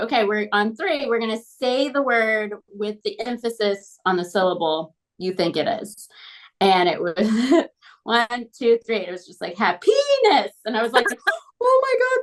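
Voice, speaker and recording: A woman talking casually about a lesson she had as a student, with many fillers. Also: medium pitch. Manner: chatty, full of fillers like "like" and "um". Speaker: former student. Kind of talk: casual conversation.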